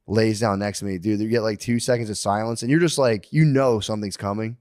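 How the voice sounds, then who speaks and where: A man's voice: lowish voice, fairly even intonation, quick pace, few pauses, a little mellow, no room sound, studio quality. A father telling profane, rambling anecdotes about his young daughter in casual podcast chat.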